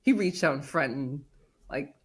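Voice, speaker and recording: Woman podcast co-host, lowish voice, animated storyteller. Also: normal speed, husky. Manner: animated storytelling, acts out quotes. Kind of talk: casual chat.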